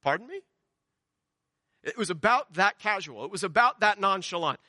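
A man's voice: high-pitched, lively intonation, a little fast, bright, forceful tone, no echo, clean studio sound. A man preaching a sermon, emphatic and full of rhetorical repetition. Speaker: pastor.

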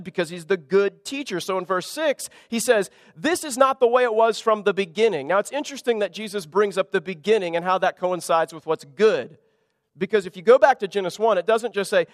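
High-voiced pastor preaching in a hall. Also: male voice. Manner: conversational preaching with frequent restarts and lively emphasis. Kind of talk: sermon.

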